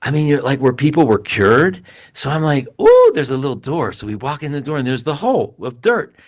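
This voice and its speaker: A man hosting a live astrology show, telling a long, self-mocking story in a casual, animated way and reading viewer comments. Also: medium pitch, a little fast.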